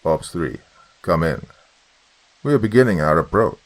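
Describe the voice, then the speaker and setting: Man voicing a stern gravelly cosmonaut. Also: deep voice, animated, normal speed. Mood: curt radio orders. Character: cold, stern male cosmonaut on the radio.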